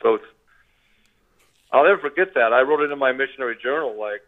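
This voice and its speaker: A man's voice: mid-range voice, quick pace. An older man telling a long story as a guest, rambling and restarting his sentences. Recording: tinny phone line.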